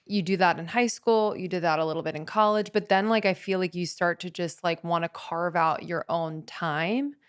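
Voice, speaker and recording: A woman's voice: lowish voice, steady tone, moderate pace, hardly any pauses, smooth. A young adult woman co-hosting a podcast, talking earnestly with lots of filler words. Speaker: podcast co-host. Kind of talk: casual chat.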